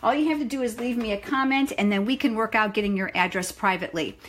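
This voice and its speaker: A woman's voice: medium pitch, quick pace, hardly any pauses. A chatty middle-aged woman runs a live stamping demonstration from her home craft room. She greets viewers by name as she goes and jokes about her own mistakes. Her voice is picked up by a phone camera.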